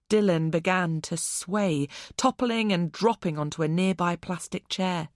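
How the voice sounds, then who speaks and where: A woman narrating a suspense audiobook in the first person with tense, measured delivery. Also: on the low side, no echo, clean studio sound.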